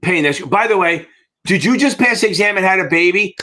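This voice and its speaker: A man's voice: high voice, expressive, a little fast, pushed and bright. A middle-aged American man teaching exam prep in a live Q&A, blunt and rambling, with frequent swearing.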